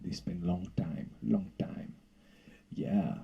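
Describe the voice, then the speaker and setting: A man doing a rambling, deadpan stand-up comedy bit. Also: low-pitched, takes it slowly, vocal fry, breathy edge, dull audio.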